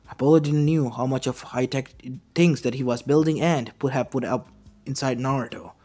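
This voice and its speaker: A man narrating a fan-made story in an unpolished, halting way with frequent restarts, faint music behind. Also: medium pitch, a little mellow. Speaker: channel narrator.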